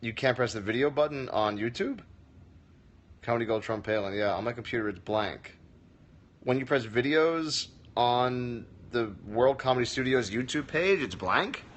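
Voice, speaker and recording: A man's medium-pitched, fairly bright voice moves at normal speed with lively intonation. As a comedy teacher, he runs a casual Q&A on a phone livestream, reading comments aloud and responding with dry, wry humor.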